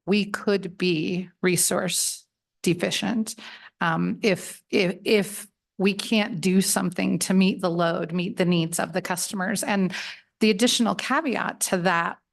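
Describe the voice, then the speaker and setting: A woman's voice: fairly low pitch, fairly even intonation, measured pace. A woman giving friendly, conversational testimony to a legislative committee at a table microphone, often restarting her phrases as she explains. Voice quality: gravelly. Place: legislative committee hearing room.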